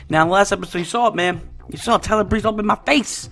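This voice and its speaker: A young man doing excited let's-play commentary as a gaming YouTuber, yelling at big moments. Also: high voice, fast, few pauses, faint music behind.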